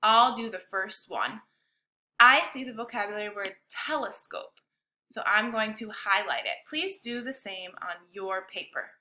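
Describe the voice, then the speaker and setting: A woman teacher leading a bilingual science lesson for children, speaking slowly and clearly with an encouraging classroom manner. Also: mid-range voice, bright, forceful tone.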